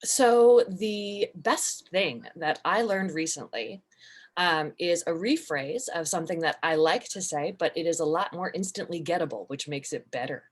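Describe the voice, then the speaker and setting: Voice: medium pitch, normal speed. A guest on a casual video call, sharing a lesson in a playful way and laughing easily. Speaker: community member sharing a lesson.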